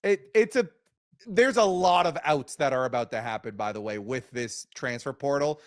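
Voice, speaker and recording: A man co-hosting a casual wrestling review show, giving animated, opinionated takes. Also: mid-range voice, normal speed, dry recording, studio quality. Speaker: co-host.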